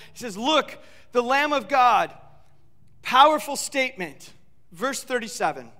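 A man preaching a sermon as pastor, animated, acting out quoted lines and asking the listeners rhetorical questions. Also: high voice, in a large hall.

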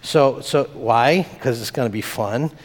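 In a church sanctuary, a pastor with a medium-pitched voice gives a children's message at an unhurried pace. He speaks simply and playfully to the kids, and the hall's long reverb surrounds his voice.

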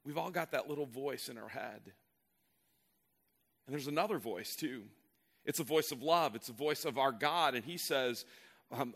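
A man's voice: on the high side, lively intonation, moderate pace, fairly bright tone. A male pastor preaching a sermon in an earnest, emphatic way, often repeating words as he builds a point.

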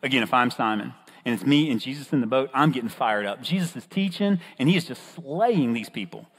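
A man preaching a sermon with playful storytelling and a husky voice. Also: mid-range voice, lively intonation, brisk. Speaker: pastor. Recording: long reverb of a large hall.

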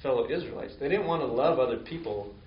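A man's voice: mid-range voice, lively intonation, fast, recorded from a distance. A man preaching a sermon in a conversational way, full of fillers, acting out quoted excuses. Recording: echoey room, dull lo-fi sound.

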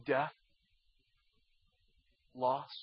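A man preaching a sermon as a pastor, dropping to a hush and rising to loud pleading. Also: drawn-out words, no echo, highs cut off, faint music behind. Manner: swings from hushed to loud pleading.

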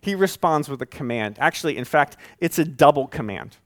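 A man preaching a sermon as pastor, conversational and animated, with folksy asides. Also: a little high, fairly quick, no room sound, clean studio sound.

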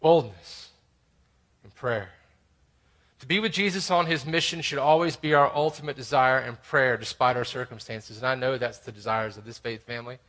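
A man preaching a sermon, swinging between loud exclamations and quiet, intimate asides. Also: mid-range voice, moderate pace. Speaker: pastor.

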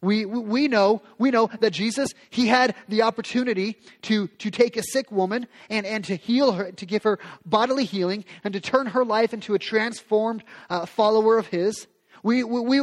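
A man preaching a sermon as pastor, speaking with passion and acting out quoted prayers. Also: sits high. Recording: long reverb of a large hall.

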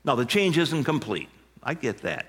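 A man in his sixties, a pastor of many years, preaching a sermon and telling stories with emphatic, shouted punchlines. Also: on the high side, big pitch swings, normal speed, breathy edge. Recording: long hall reverb.

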